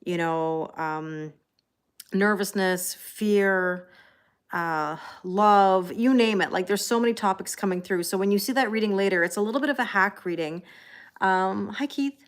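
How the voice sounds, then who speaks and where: A woman's voice: mid-range voice, a little slow, clear, resonant tone. A Canadian woman chats casually on a live tarot stream, sounding tired. She greets viewers one by one, rambles loosely with plenty of ums, and laughs lightly as she goes. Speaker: tarot reader hosting a livestream. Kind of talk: casual livestream chat.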